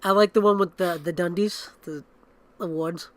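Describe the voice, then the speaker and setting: A man's voice: high-pitched, fairly even intonation, moderate pace. A man in his thirties co-hosting a podcast in casual chat, acting out quotes in raised voices. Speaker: podcast co-host.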